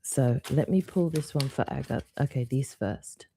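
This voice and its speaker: A woman hosting a live stream, giving an intuitive card reading in a soft, reflective, unhurried way. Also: a bass voice, slight background noise.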